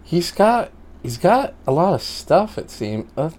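Man, host, slow-talking, hesitant, lots of ums, casual profane commentary. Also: a little high, sing-song, darkish tone. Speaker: host reacting to comedy clips.

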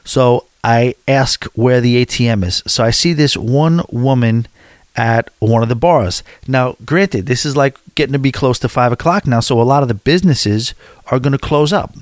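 A man's voice: mid-range voice, normal speed, no echo, clean studio sound. A man from the United States telling a travel story to his viewers in a casual, rambling, candid way.

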